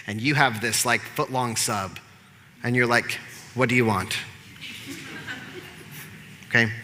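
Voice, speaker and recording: A man preaching, his voice sharp and cutting. He tells the story in an animated, joking, conversational way, and the sound carries a long echo through a large sanctuary. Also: mid-range voice. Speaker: pastor. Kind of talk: sermon. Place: church sanctuary.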